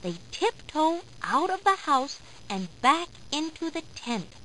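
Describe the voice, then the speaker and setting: High, lively woman storybook narrator. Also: a little hiss or hum, poor audio. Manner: slow, clear, expressive.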